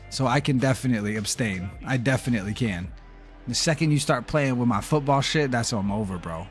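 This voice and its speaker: A man's voice: medium pitch, fairly quick, soft background music. A man streaming a football video game, chatting casually and telling a heated story with plenty of swearing. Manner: animated ranting storyteller, swears freely. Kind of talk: casual live-stream chat.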